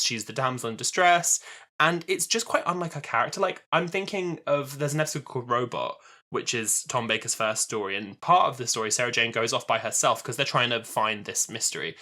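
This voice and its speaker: A man in his twenties co-hosting a podcast, talking in a thoughtful, measured way. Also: mid-range voice, bright, forceful tone. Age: 20s. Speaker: podcast co-host. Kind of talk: casual chat.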